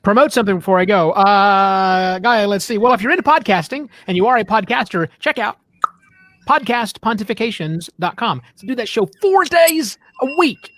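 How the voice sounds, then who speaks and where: High-voiced man, brisk podcast plug. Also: animated, a bit bright, no echo. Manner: brisk, irreverent. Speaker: podcaster guest. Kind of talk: casual sign-off and plug.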